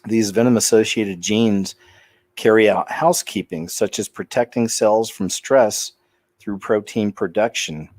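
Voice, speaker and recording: A man's voice: lowish voice, a little slow, darkish tone, no echo. A man hosting his own channel, reading news items aloud and making casual, muttered asides. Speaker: channel host.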